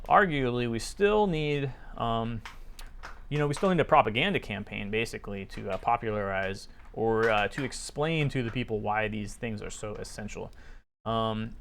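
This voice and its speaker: A man's voice: mid-range voice, vocal fry, fairly bright tone, a little hiss or hum. Sarcastic man critiquing a paper. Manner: sarcastic, skeptical, many fillers. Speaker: commentator reviewing a research paper. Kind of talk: casual commentary, reading aloud and remarking.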